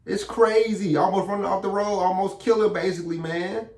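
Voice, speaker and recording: Dude retelling a movie all slangy and animated, "bro" every other line, echoey room. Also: male voice, high-pitched, fairly quick. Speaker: movie reviewer. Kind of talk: casual movie recap.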